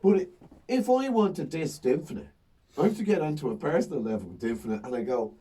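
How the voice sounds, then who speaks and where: Comic, animated storyteller, husky voice, mic set back from him. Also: male voice, a little high, brisk, recorded from a distance. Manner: animated storytelling, acts out crowd banter. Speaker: stand-up comedian. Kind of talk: casual chat.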